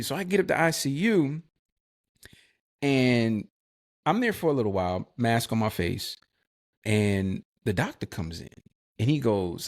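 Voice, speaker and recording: A man's voice: mid-range voice, measured pace, pauses often. A man co-hosting a podcast, telling a personal story in casual slang and acting out the people in it. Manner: animated storyteller, acts out quoted dialogue. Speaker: podcast co-host. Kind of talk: storytelling in a live podcast chat.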